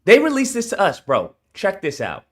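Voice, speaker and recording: A man's voice: high-pitched, wildly swooping pitch, moderate pace. A man streaming a reaction, ranting heatedly and profanely to his viewers. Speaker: streamer reacting to a game showcase. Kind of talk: casual reaction rant.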